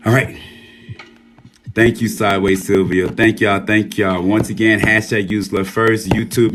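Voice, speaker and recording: A hoarse man hosting a casual livestream, reading out viewer names and speaking earnestly, with frequent swearing. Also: on the low side, fairly even intonation, moderate pace, faint music behind. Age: adult, a military veteran. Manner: warm shout-outs reading viewer names. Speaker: livestream host.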